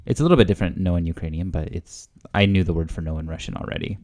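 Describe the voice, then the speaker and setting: Casual host, low mellow male voice, hesitant learner thinking aloud. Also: very fast. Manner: hesitant, full of fillers and guesses. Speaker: language learner hosting a video series.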